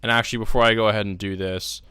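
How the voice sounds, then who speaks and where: Young man, low voice, relaxed tutorial talk, thinking aloud, noisy home recording. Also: very fast. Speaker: music production tutor. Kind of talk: casual screen-recorded tutorial.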